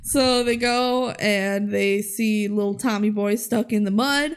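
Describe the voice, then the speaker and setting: A woman's voice: medium pitch, fairly even intonation, unhurried, smooth. A young woman co-hosting a podcast, recapping a movie in casual chat, giggling often and acting out quotes in bouncy voices. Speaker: podcast co-host.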